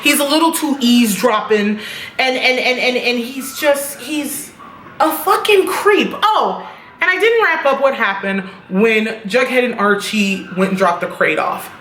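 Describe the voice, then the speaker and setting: A woman's voice: on the high side, measured pace, a bit bright, echoey room, a little hiss or hum. A woman giving a casual, blunt recap of a TV episode, swearing freely as she talks. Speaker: TV episode reviewer.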